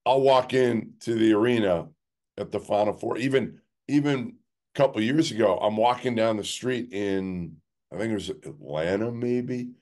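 A man's voice: fairly low pitch, normal speed, a little mellow. A man co-hosting a sports podcast, talking casually in a rambling way full of "like" and restarts. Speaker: podcast co-host.

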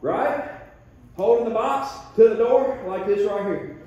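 Male pastor, high voice, folksy and emphatic sermon delivery, recorded off mic in a very reverberant church. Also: a little mellow, far from the mic. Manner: folksy storytelling preacher, drawn-out emphatic points. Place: church sanctuary.

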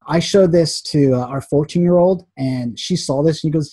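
A man teaching a casual graphic design lesson, chatty and animated, acting out little quotes as he explains. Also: on the high side, normal speed, husky, no echo.

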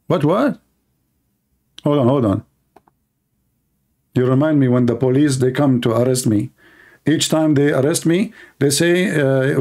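A man's voice: fairly high pitch, quick pace, darkish tone. A man with an Arabic accent telling a rambling, mocking comic story full of fillers. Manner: rambling, sarcastic, many fillers. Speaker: comedy host. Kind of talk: mocking comedic monologue.

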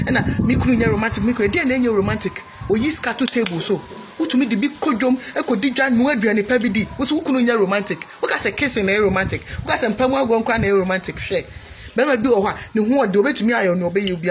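A woman's voice: on the high side, a little hiss or hum. A Ghanaian woman giving a scolding, preachy monologue on marriage, repeating phrases for emphasis. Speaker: vlogger giving marriage advice. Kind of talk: opinionated monologue.

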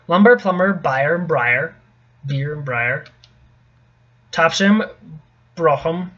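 High-pitched young man, halting read-aloud, self-correcting, dull lo-fi recording. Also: pushed and bright. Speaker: vlogger reading a poem aloud. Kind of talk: casual stumbling read-aloud.

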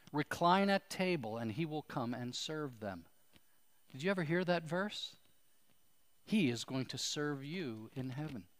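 A man's voice: on the high side, big-room sound. A man preaching a sermon as pastor, earnest and pleading, asking his listeners questions.

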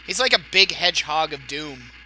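A man's voice: a little high, lively intonation, moderate pace, pushed and bright. A young man hosting a let's play, giving joking, chatty commentary on a video game.

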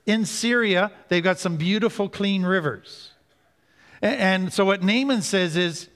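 A man giving an earnest teaching talk on recovery, slowing down to stress key points. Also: high voice, a bit bright. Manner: earnest, slows down for emphasis. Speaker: recovery speaker. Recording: hall reverb.

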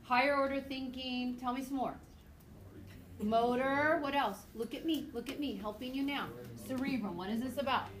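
A woman teacher lectures her class in a chatty, goofy way and drifts into stories along the way. Her voice sits a little high, and faint classroom noise stays under it. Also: moderate pace, reverberant, poor audio. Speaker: high school biology teacher.

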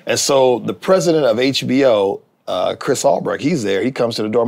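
A man's voice: mid-range voice, fairly quick, gravelly, hardly any pauses. A middle-aged man, a TV writer and actor, telling a story in a casual interview, acting out the people he quotes. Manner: animated, acts out quoted voices.

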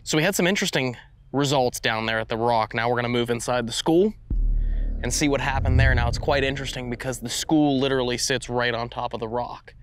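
A man with a congested, nasal voice hosts a ghost hunt, calling out meter readings. He sounds eager and keeps up a running commentary, at a middling pitch. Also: a little fast, slight background noise. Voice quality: nasal, stuffy from allergies. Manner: excited, narrating readings aloud. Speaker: paranormal investigator host.

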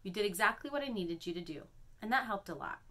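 A woman's voice: mid-range voice, animated, fast talker, a bit bright, lightly acted. A woman voicing Ma, a stern older woman who mentors a young magic apprentice, talking in a firm, lecturing way.

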